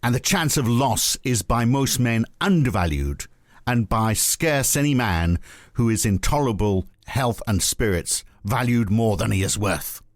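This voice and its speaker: A man putting on a Scottish impression of an older male politician, reading a quotation slowly and grandly. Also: medium pitch, expressive, dry recording, studio quality, close to an everyday voice. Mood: declaiming. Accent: Scottish, put on. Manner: slow, orating, raised.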